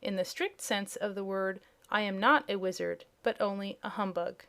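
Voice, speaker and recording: A small older wizard talks in a calm, measured, explaining manner. He sounds genial and frank, as a woman reading the story puts him on. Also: medium pitch, gravelly. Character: little old humbug wizard, man, genial. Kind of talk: audiobook character voice.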